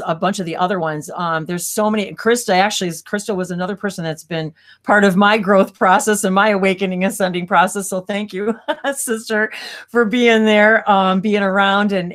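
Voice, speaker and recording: A woman chats loosely on a live stream, her thoughts spilling out in rambling loops. She keeps cutting herself off mid-sentence and breaks into quick laughs, heard over a video call. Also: mid-range voice, steady tone. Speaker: co-host of a live spiritual stream. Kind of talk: casual live-stream chat.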